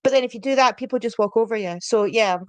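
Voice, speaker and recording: A woman's voice: a little high, fast, no room sound. A Scottish woman co-hosting a casual chat over a video call, chatty and giggly, often trailing off mid-sentence. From Scotland. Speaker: co-host.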